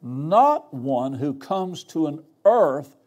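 A man's voice: on the high side, very animated, extremely slow, a little mellow, lo-fi sound. An older man, a guest pastor preaching a sermon in a folksy, humorous, storytelling way. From Arkansas. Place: church.

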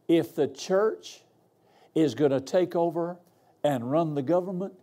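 A man's voice: on the high side, measured pace, dark tone. An older man, a guest pastor preaching a sermon in a folksy, humorous, storytelling way. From Arkansas. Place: church.

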